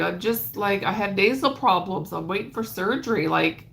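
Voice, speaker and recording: A woman's voice: medium pitch, normal speed, creaky, hardly any pauses, a bit bright, a little hiss or hum. A woman hosting a crochet livestream, chatting casually in a rambling way and greeting viewers by name, her voice stuffed up and nasal.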